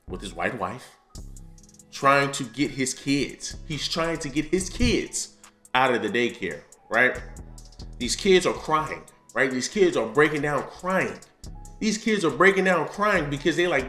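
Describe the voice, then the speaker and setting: A man's voice: mid-range voice, a bit bright, reverberant. A man hosting a blunt, ranting commentary on clips, repeating his points. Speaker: commentary host. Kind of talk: reaction commentary.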